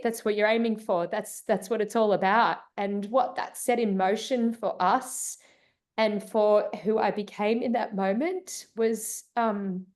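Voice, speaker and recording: A mother speaking earnestly and emotionally in a reflective conversation, often pausing to search for words. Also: on the high side, darkish tone. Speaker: mother sharing her birth story.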